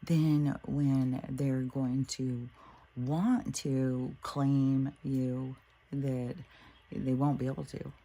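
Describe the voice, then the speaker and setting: A woman's voice: extremely low pitch, flat delivery, very slow, mellow. A woman talking in a casual, rambling monologue, laughing often and swearing freely. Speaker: spiritual vlogger.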